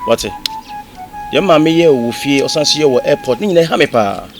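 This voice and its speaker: A man's voice: on the high side, animated, moderate pace, soft background music. An actor playing an earnest young royal who pleads with his fiancée and mixes Twi and English. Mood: pleading. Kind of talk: film drama acting.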